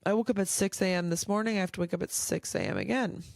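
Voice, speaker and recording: A woman's voice: fairly low pitch, sing-song, quick pace, gravelly, no echo, clean studio sound. A woman hosting her own show, ranting bluntly at home late at night, tired and swearing freely with lots of filler likes. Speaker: podcast host. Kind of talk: casual solo rant.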